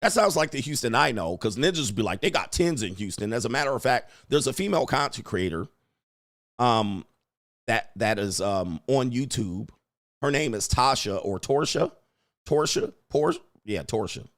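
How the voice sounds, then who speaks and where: A man's voice: mid-range voice, animated, moderate pace, fairly bright tone, no echo, studio quality. A man hosting a live stream as a dating coach, rambling crudely, reading viewer questions and putting on mock voices.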